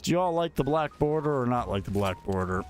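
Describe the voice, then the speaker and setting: A man's voice: mid-range voice, animated, brisk, faint music behind. A man streaming a game, chatting casually and joking with his viewers and an AI assistant. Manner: chatty, joking, talks to chat and an AI while playing. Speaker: gaming streamer. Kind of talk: casual livestream chat.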